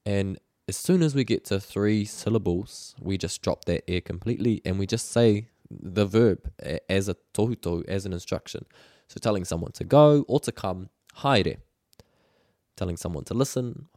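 Deep-voiced New man teaching. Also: warm tone, dry recording, studio quality. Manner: patient, explanatory, with frequent fillers and repeated words. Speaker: language teacher. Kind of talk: casual spoken language lesson.

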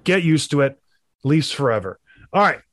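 A young adult man hosting a sports talk show, emphatic and animated, with mocking asides. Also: on the high side, moderate pace, dry recording. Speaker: sports podcast host. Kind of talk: opinionated hockey talk.

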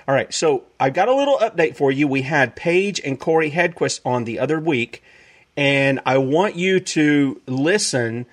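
A male radio show host, rambling casually through announcements and laughing easily. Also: mid-range voice.

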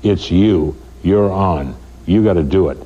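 A man's voice: deep voice, measured pace, mellow, highs cut off. A man in an interview, reflecting thoughtfully with hesitant fillers.

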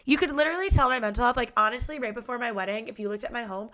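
A woman's voice: a little high, very fast, bright, forceful tone. A young woman hosting a podcast in casual chat, congested from a head cold, bubbly and gushing with lots of "like". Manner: bubbly, gushing, heavy use of "like". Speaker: podcast host.

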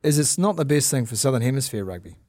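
A man co-hosting a casual sports podcast, talking in an animated, ranting, sarcastic way. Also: mid-range voice, quick pace, dry recording, studio quality. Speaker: podcast co-host. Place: podcast studio.

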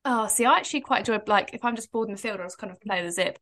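A woman's voice: mid-range voice, very fast, fairly bright tone. A woman, co-hosting a podcast in a rambling, chatty way and laughing often. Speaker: podcast co-host. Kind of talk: casual chat.

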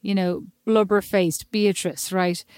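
A young woman with an Irish accent, co-hosting a casual chat and telling an animated, self-mocking story, acting out voices as she goes. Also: mid-range voice, slow, smooth, no echo, clean studio sound. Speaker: podcast co-host.

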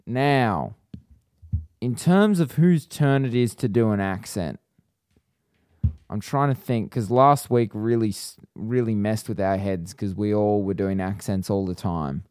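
A man co-hosting a podcast in casual chat, relaxed and explaining at length, and reading the show's sign-off. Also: on the low side, unhurried, clean tone, no room sound, clean studio sound. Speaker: podcast co-host.

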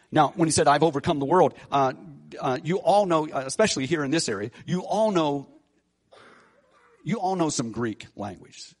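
Man preaching a fervent sermon. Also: a little high. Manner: preaching with rising emphasis and frequent restarts. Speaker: pastor.

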